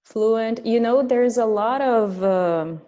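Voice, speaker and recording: A woman English teacher with a warm, fairly high voice hosts an online class, explaining slowly in casual chat and laughing often. She's heard through a video call, and the audio is dull and lo-fi.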